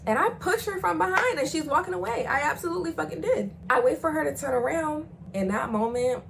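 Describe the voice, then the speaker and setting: A young woman, telling a profane storytime in casual chat and jumping into loud, high acted quotes. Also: lively intonation, fairly quick, creaky, a little hiss or hum, poor audio. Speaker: storyteller vlogger.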